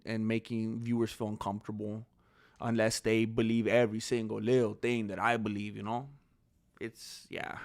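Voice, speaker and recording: A male YouTuber casually chatting on a livestream and reading viewer comments, shifting from calm musing to loud disbelief. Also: mid-range voice, no echo, clean studio sound. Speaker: MMA news YouTuber.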